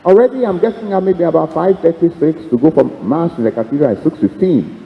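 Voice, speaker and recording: A man's voice: a little high, expressive, quick pace. A man, a priest, giving a retreat talk with humor, acting out the dialogues he tells and chuckling along the way. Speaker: priest preaching a retreat conference. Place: seminary hall. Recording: echoey hall, dull lo-fi sound.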